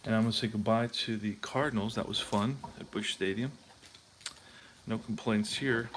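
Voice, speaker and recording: A man's voice: on the low side, steady tone, normal speed, fairly bright tone, slight background noise. A man hosting a tabletop baseball replay, chatting casually and thinking aloud as he checks scorebooks. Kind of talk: casual talk while playing.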